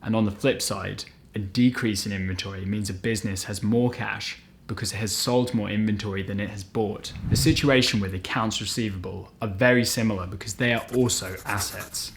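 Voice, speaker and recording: A man hosting an educational channel, explaining accounting step by step in a clear, methodical scripted delivery. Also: on the low side, steady tone, normal speed, hardly any pauses, a little hiss or hum. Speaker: host of an accounting lesson channel.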